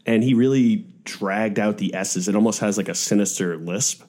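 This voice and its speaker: A man's voice: on the low side, normal speed, a little mellow. A man co-hosting a book podcast, chatting casually and animatedly. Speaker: podcast co-host. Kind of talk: casual book-club chat.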